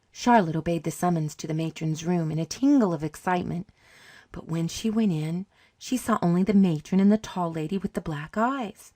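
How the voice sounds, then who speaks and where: A woman narrates a short story in a calm, even manner. Her voice is low and mellow, with a dark, soft tone. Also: dry recording, clean studio sound. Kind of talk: scripted narration.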